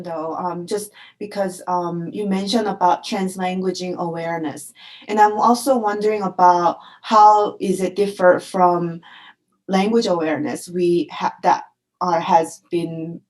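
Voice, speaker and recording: Hesitant low-voiced woman asking. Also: darkish tone. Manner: hesitant, tentative. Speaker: seminar participant. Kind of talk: online seminar question.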